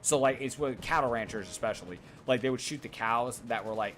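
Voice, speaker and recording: A man's voice: mid-range voice, fast talker, hardly any pauses, fairly bright tone, a little hiss or hum. A man in his thirties chatting casually while streaming a game, rambling, swearing often and talking to his chat. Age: 30s. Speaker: gaming streamer.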